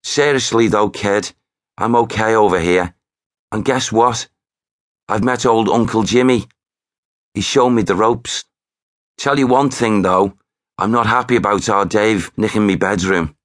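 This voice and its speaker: A man's voice: lowish voice, unhurried, pauses often, pitched above the performer's own voice, close to an everyday voice. A man voicing the cheeky spirit of a young man with a Scouse accent, in audiobook narration. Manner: cheeky, playful banter.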